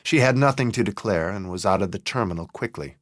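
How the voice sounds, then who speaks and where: A man reading a novel as an audiobook narrator in a calm, measured way. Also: fairly low pitch, no room sound, studio quality. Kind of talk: scripted narration.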